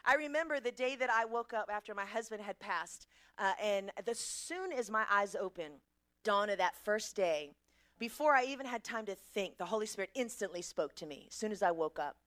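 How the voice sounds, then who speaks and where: A middle-aged woman preaching a lively sermon, asking the congregation questions and quoting scripture. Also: medium pitch, normal speed. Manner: animated, asks the congregation questions.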